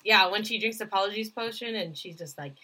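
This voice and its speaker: A woman co-hosting a casual book podcast over a video call, animated and quick to argue. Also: mid-range voice. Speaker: podcast co-host. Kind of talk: casual chat about a book.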